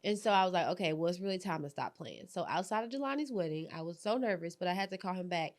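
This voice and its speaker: A young adult woman hosting a candid podcast conversation, telling animated stories, acting out quoted lines and laughing often. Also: lowish voice, quick pace. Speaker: podcast host.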